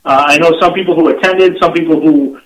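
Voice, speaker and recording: A man's voice: a little high, brisk, a bit bright, reverberant, low-quality recording. A man co-hosting a casual internet radio chat, joking and teasing his co-host.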